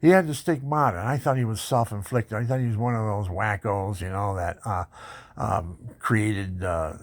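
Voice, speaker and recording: A man telling his life story in a personal testimony, animated and boastful, laughing often. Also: lowish voice, no room sound.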